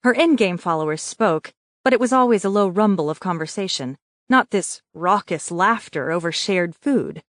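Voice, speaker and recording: A woman's voice: lowish voice, no room sound, clean studio sound. Woman narrating an audiobook. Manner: measured, even storytelling. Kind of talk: scripted narration.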